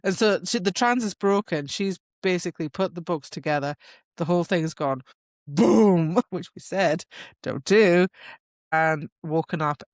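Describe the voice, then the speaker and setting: A woman's voice: on the low side, normal speed, dry recording, clean studio sound. A woman co-hosting a book podcast, recapping the plot in casual chat and laughing often. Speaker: podcast co-host.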